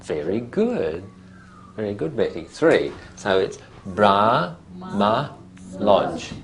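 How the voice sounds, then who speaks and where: Language teacher, animated pitch, slow deliberate word modelling, quick check-up questions. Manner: prompting and checking students with short questions. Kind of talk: classroom teaching with explanatory voice-over.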